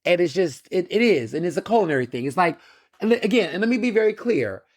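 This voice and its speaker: A man's voice: high voice, quick pace, no echo, studio quality. A man, hosting a podcast with opinionated, sardonic solo commentary, often restarting and repeating words. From Texas. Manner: animated, sardonic, mocking asides. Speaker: podcast host.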